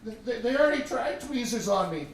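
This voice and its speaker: A matter-of-fact little girl speaks in a high, childlike voice, as a man puts her on. She insists and whines a little. The sound carries from a distant mic in a reverberant space. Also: expressive, fairly quick, a little hiss or hum. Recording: echoey room, distant mic.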